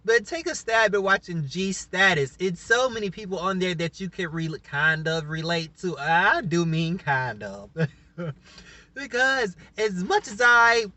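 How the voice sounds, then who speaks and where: Casual male vlogger, rambling and emotional, bright, forward tone. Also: high-pitched, animated, unhurried. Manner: rambling, laughing often, emotional. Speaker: YouTuber reviewing a reality show. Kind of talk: casual reaction vlog.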